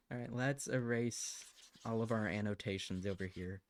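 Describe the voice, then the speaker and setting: Recorded dry on a desk mic at home, a woman with a very deep voice takes her time as she live streams her drawing. She chats casually, mutters while working, and now and then gushes over her cat.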